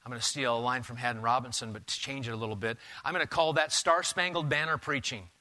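A man preaching a sermon in a church, asking rhetorical questions and swinging between loud emphasis and quiet asides. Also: mid-range voice, fast. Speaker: pastor. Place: church sanctuary.

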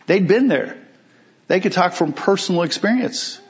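A man preaching a sermon as pastor, emphatic, asking rhetorical questions and slowing down on key phrases. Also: sits high, animated, dull audio.

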